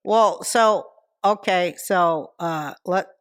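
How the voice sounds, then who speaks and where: A woman's voice: fairly low pitch, extremely slow, clean tone. A woman in her seventies hosting a podcast, chiming in with short prompts and laughs during casual interview chat. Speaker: podcast host.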